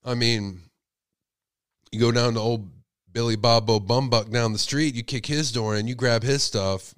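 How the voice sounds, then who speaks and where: Sick with a cold, a man runs a casual call-in show in an unhurried, fairly even voice of medium pitch that's clear, resonant and a bit bright. He speculates freely and asks plenty of rhetorical questions, recorded dry with no echo.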